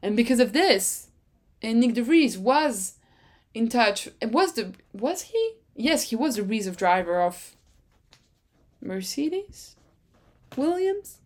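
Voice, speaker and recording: Her voice is fairly high, and she speaks slowly with frequent pauses as she hosts a casual solo podcast. A native French speaker, she's chatty, meandering, self-correcting, and prone to sudden excited jumps.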